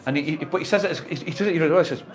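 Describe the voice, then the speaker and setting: A man's voice: on the high side, very fast. A man in his fifties co-hosting a radio show, chatting casually as a jokey storyteller who swears freely. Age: 50s. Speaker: radio co-host. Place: radio studio.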